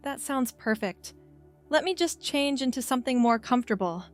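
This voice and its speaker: A woman reading a story voices an emotional, tearful young woman, a little higher and softer than her narration. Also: lively intonation, normal speed, faint music behind. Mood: frank.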